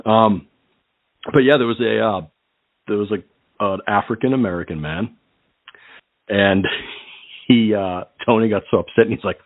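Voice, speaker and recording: Low-voiced man hosting crude call-in radio. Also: a little slow, pauses often, dry recording. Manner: crude jokes, frequent laughter, rambling. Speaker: radio show host. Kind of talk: casual call-in radio banter. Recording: tinny phone-like line.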